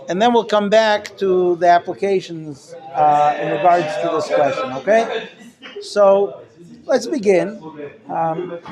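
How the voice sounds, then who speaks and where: A high-pitched man gives a lively Torah class as a rabbi. He talks to his listeners directly and acts out everyday scenes in quick voices, rising up whenever a story heats up. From Israel-based.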